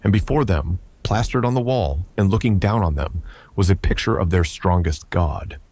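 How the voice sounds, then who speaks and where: A man narrating a science fiction story with a steady, even delivery. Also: deep voice, normal speed, dry recording. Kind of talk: scripted narration.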